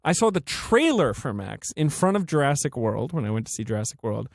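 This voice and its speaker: A man co-hosting a podcast, chatting in an animated, joking way. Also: mid-range voice, brisk, vocal fry, no room sound, studio quality. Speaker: podcast co-host. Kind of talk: casual chat.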